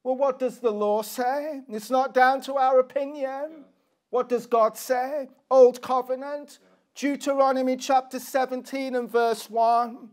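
A man's voice: extremely high pitch, fairly even intonation, a little slow, a little mellow. A middle-aged man preaching a sermon, earnest and posing rhetorical questions to the congregation.

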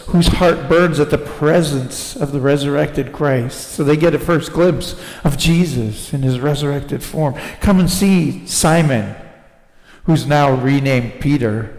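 Male pastor, sermon, slow deliberate delivery, frequent "right?" asides, echoey church hall, long reverb. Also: medium pitch, a little mellow. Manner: prays and retells scripture with frequent "right?" asides. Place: church sanctuary.

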